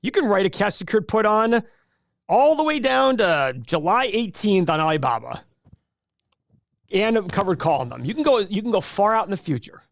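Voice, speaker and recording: A fairly high-voiced man leads a live investing class, talking with energetic, animated enthusiasm. His voice is close and dry, with no room sound around it. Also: normal speed, no room sound. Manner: energetic, animated salesman pitch. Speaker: host teaching an investing class. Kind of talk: live webinar teaching.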